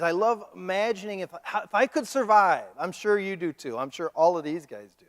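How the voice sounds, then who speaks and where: A man preaching a sermon as pastor, animated and joking, mimicking the people he talks about. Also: sits high, brisk, hardly any pauses. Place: church sanctuary. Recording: long reverb of a church hall.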